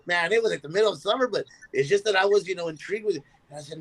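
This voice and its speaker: Guy telling a story on a podcast, lively, does little voices for the people in it, voice sits a bit high. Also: fast talker, hardly any pauses, low-quality recording. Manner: animated, acts out quoted voices in his stories. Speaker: musician guest.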